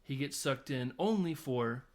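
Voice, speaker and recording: A man hosting a podcast in casual chat, telling a film's plot with lively storytelling, frequent laughs and casual swearing. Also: mid-range voice, unhurried. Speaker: podcast host. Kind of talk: casual movie recap chat.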